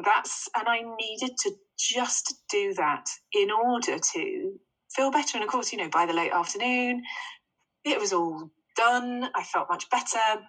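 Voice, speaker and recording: A woman's voice: on the high side, a bit bright, poor audio. A woman talking in an earnest, casual chat, laughing often.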